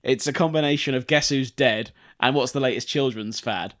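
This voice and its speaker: Animated man telling a story. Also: mid-range voice, fairly quick. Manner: animated storyteller, mocking, swears freely. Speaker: podcast co-host. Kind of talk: casual chat.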